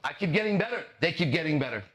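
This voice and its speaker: A man's voice: a little high, animated, very fast, fairly bright tone. A man hosting a podcast as a mindset and relationship coach, talking in a brash, swaggering, profane monologue full of rhetorical questions.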